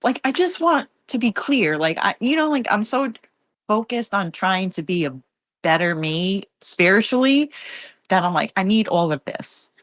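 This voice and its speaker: A woman's voice: mid-range voice, lively intonation, normal speed, fairly bright tone, dry recording, poor audio. A woman podcast guest opening up in a candid personal conversation, emotional and rambling with many fillers.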